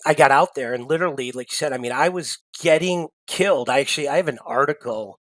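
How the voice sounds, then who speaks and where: A middle-aged man, a sales executive, telling stories as an interview guest, animated, with frequent restarts. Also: medium pitch, fast talker, no room sound. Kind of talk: casual storytelling interview.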